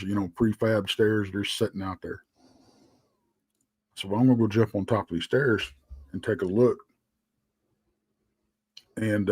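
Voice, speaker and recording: Texan man with a low voice, rambling. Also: a little mellow, no echo. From Texas. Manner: rambling, halting storyteller full of fillers. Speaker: guest. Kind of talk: casual storytelling.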